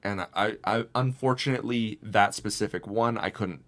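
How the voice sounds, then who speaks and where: A young man co-hosting a casual podcast, telling a story in an animated way and mimicking the voices of the people in it. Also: fairly low pitch, normal speed. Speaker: podcast co-host.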